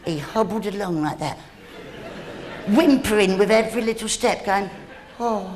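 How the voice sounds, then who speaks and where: A man's voice: high-pitched, normal speed. A man doing live stand-up comedy on a theatre stage, rambling and teasing the audience. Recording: live theatre, loud crowd laughter.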